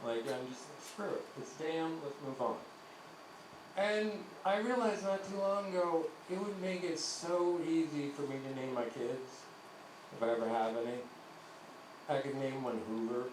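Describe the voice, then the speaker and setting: A young man works through a crude, rambling stand-up set on a comedy club stage. The sound is roomy and echoey, picked up from some distance, with steady club noise around him. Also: fairly high pitch, normal speed. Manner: crude, rambling delivery with acted-out voices. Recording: echoey club heard from afar.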